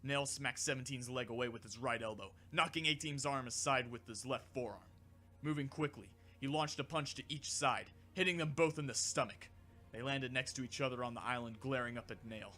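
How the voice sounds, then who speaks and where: A man narrating a fan audiobook in a steady, even storytelling manner. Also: medium pitch, brisk, soft background music.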